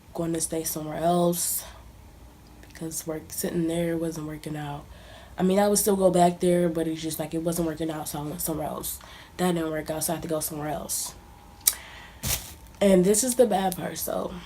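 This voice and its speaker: A young woman recounts a personal story in a relaxed, conversational vlog style, now and then sinking into a near-whisper. Her voice is mellow and sits a little low, with a faint hiss under the recording. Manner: casual, conversational, drops to near-whispers at times. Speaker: vlogger. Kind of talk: storytime monologue.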